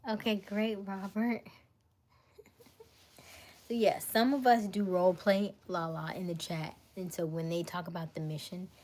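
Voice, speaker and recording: A woman's voice: on the low side, steady tone, a little slow, pauses often, darkish tone. An American woman hosting a casual live stream, chatting and reading viewer comments aloud, often laughing and dropping to a half-whisper. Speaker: livestream host.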